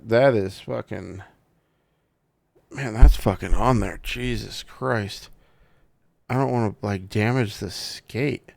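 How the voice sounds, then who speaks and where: Gravelly low-voiced man unboxing casually. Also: no room sound. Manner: profane, excitable, jokey talk to the viewers. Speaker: tech reviewer.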